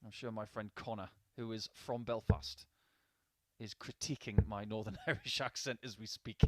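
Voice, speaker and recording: A man's voice: on the low side, steady tone, moderate pace, fairly bright tone, no echo. A man giving live darts commentary in a chatty, upbeat way with small personal asides.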